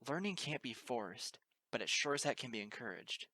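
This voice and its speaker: A man's voice: mid-range voice, sing-song, moderate pace, sharp tone, dry recording. A man reading the part of an easygoing, teasing female pony teacher, in a breezy, sarcastic, pushy way. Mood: persuasive. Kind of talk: amateur audiobook reading.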